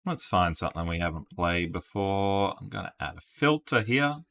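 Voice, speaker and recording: A man's voice: low voice, lively intonation, normal speed, gravelly, sharp tone. A man streaming word games, chatting casually and thinking aloud while laughing at himself. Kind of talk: casual live-stream commentary.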